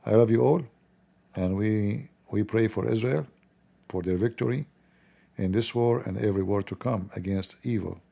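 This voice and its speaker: Hoarse, gravelly male commentator. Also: lowish voice, normal speed, dark tone. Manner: chuckling, rambling, mocking asides. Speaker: online commentator. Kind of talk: casual spoken commentary.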